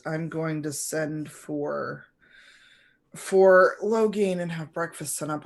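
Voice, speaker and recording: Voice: medium pitch, gravelly. A game master plays a weary male Inquisitor who answers in short, clipped lines, tired and guarded. He sounds like a tabletop game character, close to the performer's own everyday voice. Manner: terse, tired, clipped replies.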